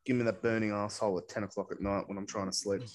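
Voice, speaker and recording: An Australian man with a lowish voice trading jokes and laughing with his mate. He swears freely in loose podcast banter. A faint noise sits behind him. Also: steady tone, quick pace. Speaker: podcast co-host. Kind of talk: casual chat.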